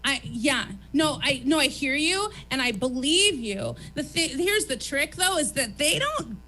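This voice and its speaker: Brief: woman talk-show host, high and lively, swearing, animated stage rant. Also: soft background music. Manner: animated, profane, rapid-fire ranting. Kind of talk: stand-up style chat on stage. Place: comedy theater stage.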